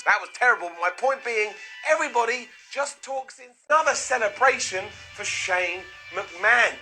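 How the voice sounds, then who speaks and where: A man hosts a sarcastic, excitable wrestling recap. His voice sits high and very bright, and his pitch swings widely from line to line. Faint music plays behind him. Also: low-quality recording. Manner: excitable, sarcastic, with quick put-on asides. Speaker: wrestling show reviewer, host. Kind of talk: comedic recap commentary.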